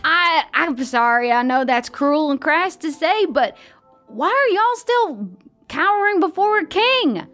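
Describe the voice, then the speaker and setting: A woman's voice: sits high, big pitch swings, a little slow, a bit bright, faint music behind. A woman player in a tabletop game, chatting casually, joking and giggling often.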